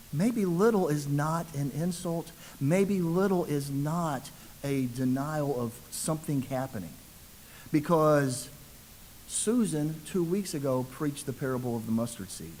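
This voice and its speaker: A man's voice: fairly high pitch, a little slow, a little mellow, a little hiss or hum, low-quality recording. A man preaching a sermon as a ruling elder, telling the story conversationally and acting out the voices in quotes.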